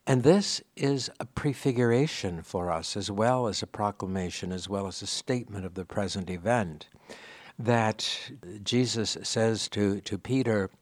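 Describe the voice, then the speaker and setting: A man's voice: on the low side, unhurried, no echo. A man giving a sermon, explaining a scripture passage in a reflective, teaching manner with conversational asides. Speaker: preacher.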